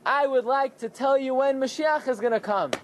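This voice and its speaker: A man giving an animated Torah class, telling the story with lots of rhetorical questions. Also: extremely high pitch, moderate pace, slight background noise. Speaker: rabbi teaching Torah.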